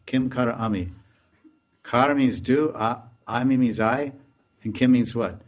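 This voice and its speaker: Brief: a man of middle pitch lecturing as a swami, animated and laughing, telling a devotional story. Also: a little slow.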